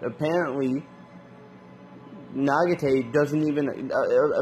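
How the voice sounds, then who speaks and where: A man casually reviewing an anime episode in loose, slangy talk, with lots of restarts and animated reactions. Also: medium pitch.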